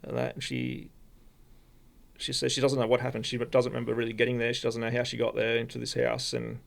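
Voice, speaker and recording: Aussie guy, really gravelly crackly voice, rambles on, keeps restarting, podcast guest. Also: medium pitch. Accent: Australian. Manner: rambling, halting, many restarts. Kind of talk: casual storytelling.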